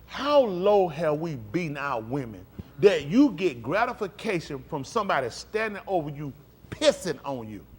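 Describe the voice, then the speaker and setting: A man's voice: on the high side, normal speed, husky. A man preaching a live-streamed sermon in an emphatic, conversational style, drawing call-and-response from his congregation. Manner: animated, swings between quiet and loud.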